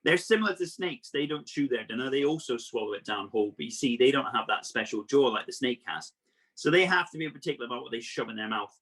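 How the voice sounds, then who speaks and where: A man presenting an exotic animal workshop over a video call, explaining facts to children in a lively, playful way. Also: medium pitch, fast talker, breathy edge.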